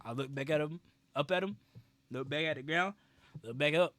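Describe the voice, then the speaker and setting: A young man with a bright, forceful voice sitting a little high for a man tells a story in a loose, casual way. He is animated and emphatic, swearing freely for effect. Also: moderate pace, no echo. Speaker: streamer.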